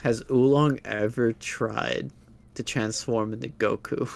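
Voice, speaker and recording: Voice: mid-range voice, fairly even intonation, takes it slowly, vocal fry. A podcast co-host joining a casual watchalong chat with playful, reactive banter. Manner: giggly, reactive banter with frequent laughs.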